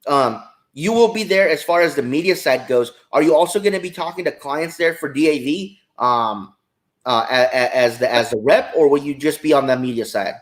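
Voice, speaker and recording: Halting male podcast host. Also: fairly high pitch, animated. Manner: halting, fills with "uh" and "um". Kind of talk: casual podcast interview.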